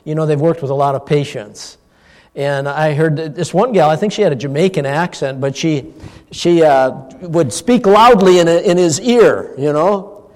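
A middle-aged man, a pastor, giving an informal sermon, telling a personal story in a folksy, animated way with chuckles. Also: on the high side, moderate pace. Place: church hall. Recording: long church-hall reverb.

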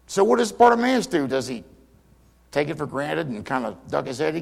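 A man preaching a sermon, retelling scripture stories dramatically and voicing the people in them, swinging from loud cries to near whispers. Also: fairly high pitch, sing-song, brisk, creaky. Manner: dramatic storytelling, acting out quotes with big swings in volume.

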